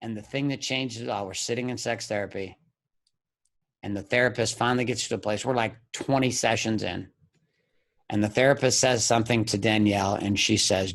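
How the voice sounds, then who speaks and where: A man's voice: lowish voice, steady tone, brisk, fairly bright tone. A middle-aged man, a men's coach as a podcast guest, telling his story bluntly and emphatically, with plenty of swearing. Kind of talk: candid podcast interview.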